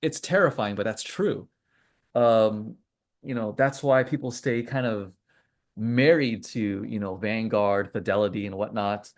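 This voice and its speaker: A man's voice: lowish voice, unhurried. A man hosting a casual trading call, rambling through charts with joking asides and lots of fillers. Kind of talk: casual screen-share commentary.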